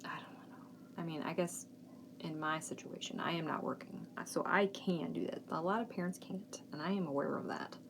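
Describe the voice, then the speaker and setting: A woman's voice: low-pitched, moderate pace, vocal fry, in a whisper. A woman in her thirties hosting a knitting podcast, talking casually and frankly and fretting a little. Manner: chatty, frank, fretful about the kids' schooling. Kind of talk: casual chat. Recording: faint background noise.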